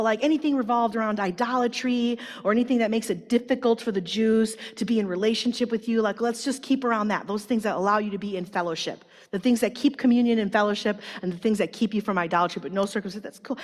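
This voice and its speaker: A woman preaching a sermon at a conference, telling stories in a lively, chatty way with a lot of "like" fillers and acting out quotes. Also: mid-range voice, fast talker, hardly any pauses. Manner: animated storytelling with many "like" fillers, acting out quotes. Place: large conference hall. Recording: long reverb of a large hall.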